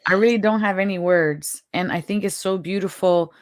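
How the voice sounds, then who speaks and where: A woman hosting a podcast interview who responds warmly and affirmingly, then asks empathetic questions. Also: mid-range voice, moderate pace, no room sound, studio quality. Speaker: podcast host. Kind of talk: interview conversation.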